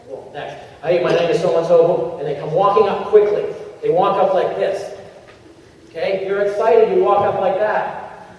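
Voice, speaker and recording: A man's voice: high-pitched, moderate pace. Man coaching a crowd in an echoey hall. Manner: animated, acts out little scenes in changing voices. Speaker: motivational speaker at a sales convention. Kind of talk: energetic coaching talk to a crowd. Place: large convention hall. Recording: echoey convention hall, far from the mic, dull sound.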